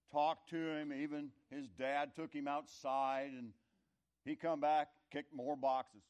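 A middle-aged or older man telling a folksy, rambling story in a conversational sermon, his loudness rising and falling. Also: on the high side. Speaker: speaker telling a story to an audience.

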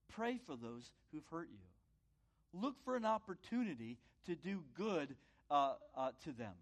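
A man preaching a sermon as a pastor, earnest, repeating phrases and rising to loud commands. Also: on the high side.

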